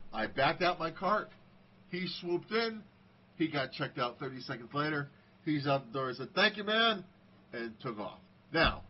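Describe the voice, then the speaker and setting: Middle-aged man telling casual stories. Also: a little high. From United States. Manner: conversational, acts out quoted dialogue. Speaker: speaker sharing personal stories. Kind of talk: casual storytelling monologue. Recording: slightly dull audio, faint background hiss.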